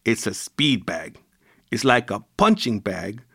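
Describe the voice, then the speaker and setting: A man's voice: on the low side, very animated, unhurried, creaky, sharp tone, breathy edge, no echo, studio quality, pitched below the performer's own voice, heavily acted. A man voicing a firm, pushy father. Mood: firm, coaxing. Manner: firm, coaxing, sprinkled with Spanish words. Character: stern, pushy father of a young son. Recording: music playing behind the voice.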